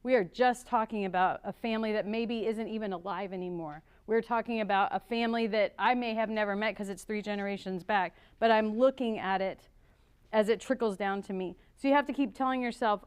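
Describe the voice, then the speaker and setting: A woman who is a marriage and family therapist teaches a couples class in a church hall, speaking a little fast in a clean, mid-range voice. She keeps it conversational, acting out little examples complete with gasps and sighs.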